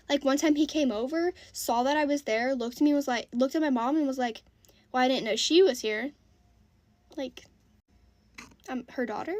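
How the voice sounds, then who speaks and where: A woman's voice: high voice, a little mellow, no echo. A woman telling a storytime in a casual, chatty way, full of fillers and exasperation, into a phone.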